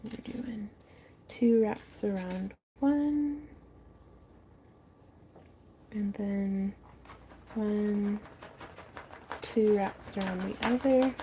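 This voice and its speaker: A woman's voice: mid-range voice, slow pace, mellow, slight background noise. A chatty woman hosts a casual craft livestream from her front porch, talking as she works. She greets viewers by reading their comments aloud and laughs often. Her voice sits close on the mic. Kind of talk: casual chat while crafting.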